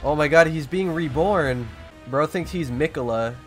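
A young man streaming a video game, giving excitable, slangy commentary and swearing often. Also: a little high, normal speed. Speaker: gaming streamer. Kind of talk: gameplay commentary. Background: game music.

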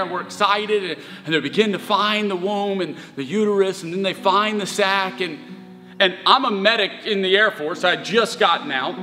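A young man preaching a sermon as pastor, telling a personal story in an earnest, heartfelt way. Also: high voice. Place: church sanctuary. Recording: reverberant church hall with soft music.

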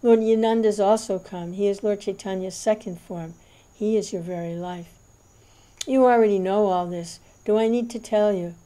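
A man's voice: high voice, fairly even intonation, normal speed, mellow, close to an everyday voice, low-quality recording. A woman reading as a weeping humble devotee. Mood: earnest. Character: humble male devotee messenger, weeping with joy.

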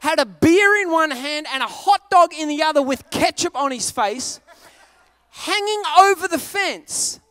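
An Australian man preaching a sermon, telling a self-mocking story with animated delivery and sudden shouted bits. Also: extremely high pitch, measured pace, no room sound.

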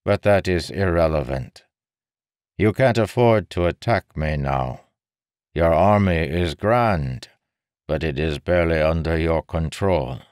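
A man voicing a sly, amused male king who bargains with calm, needling persuasion in an audiobook. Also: very deep voice, unhurried, no room sound, clean studio sound, voice pushed up. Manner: smooth, needling, calmly persuasive. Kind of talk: audiobook character voice.

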